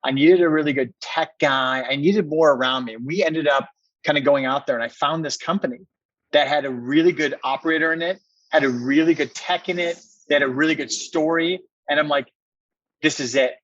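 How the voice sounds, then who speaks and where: A man's voice: a little high, brisk, a bit bright, lo-fi sound. A middle-aged man from Minneapolis telling a personal story as a podcast guest, earnest and emphatic, often restarting his sentences. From Minneapolis, USA.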